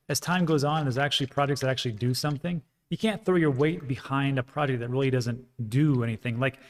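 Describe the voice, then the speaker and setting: A man hosting a casual livestream, chatting frankly and rambling as he reads out viewer comments, with frequent fillers. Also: fairly high pitch. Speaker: crypto livestream host.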